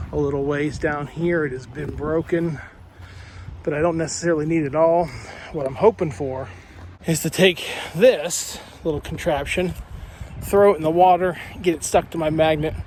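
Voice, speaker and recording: Standing by flooded water in a park, an excitable male magnet fishing vlogger exclaims and addresses his viewers as "you guys" in casual talk to the camera. His voice is slightly high, captured on a handheld mic over traffic noise from passing cars.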